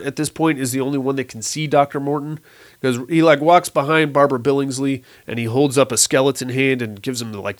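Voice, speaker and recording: A man's voice: medium pitch, a bit bright. A young man giving a casual, sarcastic recap of a horror TV episode, laughing at the plot and acting out lines.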